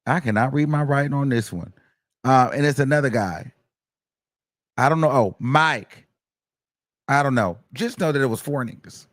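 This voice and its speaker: A man hosting a casual gossip commentary, recapping courtroom testimony in an animated, chatty way. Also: mid-range voice, normal speed, long pauses, no echo, clean studio sound. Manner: animated, gossipy, acts out quoted texts in a raised voice. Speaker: commentary host.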